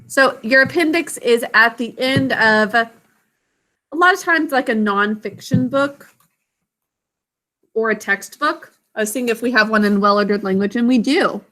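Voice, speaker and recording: A woman teaching a literacy lesson to young children, patient and encouraging, drawing words out slowly to sound out each syllable. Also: fairly high pitch, a bit bright. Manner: encouraging, praises students by name. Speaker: elementary school teacher.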